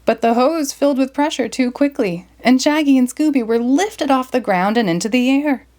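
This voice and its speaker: A woman reading a children's storybook aloud in a lively, expressive way. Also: high-pitched, moderate pace. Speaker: storybook reader. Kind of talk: children's read-aloud narration.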